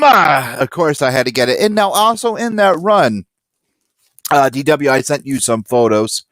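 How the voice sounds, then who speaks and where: A man co-hosting a podcast in casual chat. He tells stories with animated energy and acts out the people he quotes. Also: mid-range voice, moderate pace, dry recording. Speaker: podcast co-host and comic collector.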